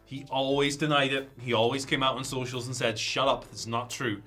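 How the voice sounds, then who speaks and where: A man's voice: medium pitch, level tone, fairly quick, bright, forceful tone, faint music behind. A Scottish man co-hosting a wrestling news show in casual, dry joking banter, a bit froggy with a slight cough. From Scotland. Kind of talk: casual chat.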